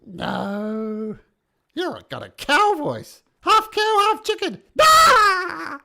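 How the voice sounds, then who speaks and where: Squeaky taunting tree sprite. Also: male voice, big pitch swings, measured pace, fairly bright tone, full character voice. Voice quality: shrill and sing-song. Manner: goading, mocking, cackling. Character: tiny mischievous fey creature hiding in a tree, taunting and squeaky.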